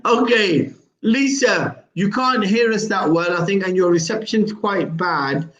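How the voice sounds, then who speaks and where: A man's voice: high voice, unhurried, fairly bright tone, muffled recording. A male radio host interviewing a caller, pressing with repeated questions. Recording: roomy studio echo.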